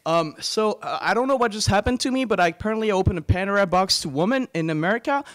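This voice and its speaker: A man's voice: high voice, expressive, quick pace, no room sound, clean studio sound. French-accented man doing stand-up. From France. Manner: rambling, self-mocking, many fillers and restarts. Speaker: stand-up comedian. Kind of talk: stand-up comedy set.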